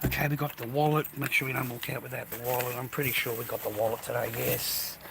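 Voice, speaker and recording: A man's voice: medium pitch, flat delivery, fast talker, gravelly, background noise. An older Australian man vlogging, rambling in a profane, ranting way and calling the viewer mate. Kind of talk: rambling casual monologue to camera.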